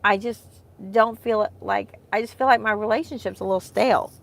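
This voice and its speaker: A woman's voice: mid-range voice, steady tone, moderate pace, vocal fry, a bit bright. A woman in her thirties, a homeschooling mom vlogging, talking in a rambling, heartfelt way with many fillers. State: emotional, close to tears. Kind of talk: casual chat to camera.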